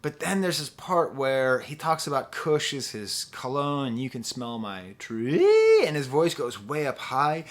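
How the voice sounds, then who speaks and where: A man's voice: mid-range voice, fairly bright tone. Rambling, playful male music reviewer. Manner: rambling and playful, with lots of "like" and sung snippets. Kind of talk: casual video review.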